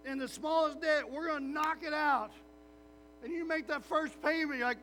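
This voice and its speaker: A man preaching a sermon as a pastor, animated and acting out little voices of his listeners. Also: very high-pitched, brisk, slight background noise, rough recording.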